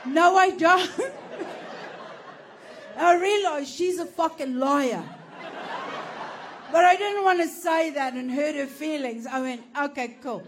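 A woman's voice: high-pitched, slow pace, long pauses, a little hiss or hum. A woman telling a brash, profane, self-mocking stand-up story, laughing through her lines. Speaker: stand-up comedian.

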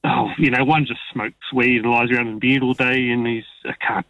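A man, calling in to talkback radio, speaking in a halting, hesitant way. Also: mid-range voice, flat delivery, vocal fry, bright, forceful tone, no echo. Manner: halting, hesitant, searching for words. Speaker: caller. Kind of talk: talkback call-in chat. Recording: dull phone line.

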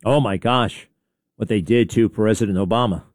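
A man's voice: on the low side, moderate pace, darkish tone, no echo, studio quality. A man hosting a talk show, rambling through a sarcastic opinionated monologue with many asides and restarts. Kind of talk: opinionated monologue playing clips.

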